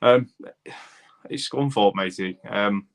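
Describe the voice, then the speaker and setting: Lincolnshire bloke chatting on a live stream, kinda low voice, rambly and matey, lots of ums. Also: male voice, takes it slowly, gravelly. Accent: English, Lincolnshire. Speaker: YouTube channel host reading live chat. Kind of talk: casual live-stream chat.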